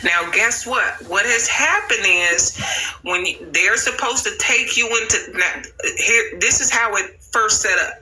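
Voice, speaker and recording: A woman with a very bright, sharp voice chats loosely to her livestream audience. She tells stories in a relaxed, slangy way and swears without a second thought. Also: mid-range voice, a little slow, slight background noise, poor audio. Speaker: livestream host. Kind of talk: casual livestream storytelling.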